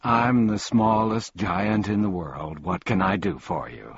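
A man's voice: low voice, a little slow, highs cut off. A man playing a pompous, scatterbrained ordinary man. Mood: polite, proud.

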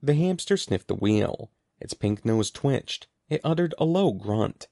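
Gravelly, animated storybook narrator, man. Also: mid-range voice, a little slow, no echo, studio quality. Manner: lively, expressive reading. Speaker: audiobook narrator.

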